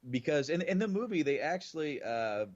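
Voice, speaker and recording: A man's voice: a little high, big pitch swings, normal speed, lo-fi sound. A man co-hosting a podcast in casual chat, rambling and circling back on his points. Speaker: podcast co-host.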